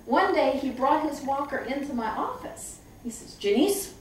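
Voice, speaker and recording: A middle-aged woman who trains staff at a memory care home, telling lively stories and acting out the voices of people she quotes. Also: high voice, normal speed, slight background noise. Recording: echoey room, far from the mic.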